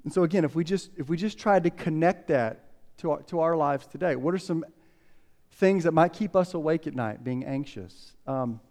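A pastor giving a conversational sermon, telling stories and acting out quotes with lively ups and downs. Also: male voice, fairly high pitch, normal speed. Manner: conversational, animated storytelling with acted quotes.

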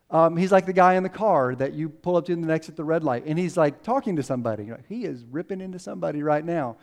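A pastor giving a conversational sermon, telling stories and acting out quotes with lively ups and downs. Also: male voice, fairly high pitch, quick pace. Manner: conversational, animated storytelling with acted quotes.

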